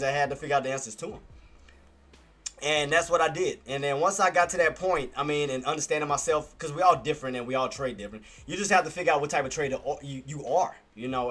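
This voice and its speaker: Chatty trader man, bright voice. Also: a little high. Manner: laughing often, chatty and candid; slangy casual speech. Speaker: stock trading streamer. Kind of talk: casual talk to viewers.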